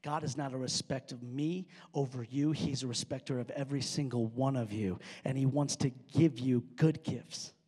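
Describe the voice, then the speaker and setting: A man preaching a sermon as pastor of his church, animated and conversational, full of rhetorical questions and asides to the congregation. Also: medium pitch, moderate pace, few pauses, husky, big-room sound. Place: church auditorium stage.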